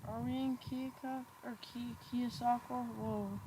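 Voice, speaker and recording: A woman's voice: on the high side, fairly even intonation, measured pace, slight background noise, rough recording. Dry, teasing woman in a car. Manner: dry, teasing, often quiet. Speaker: storm chase companion. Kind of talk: casual chat while driving. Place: inside a car.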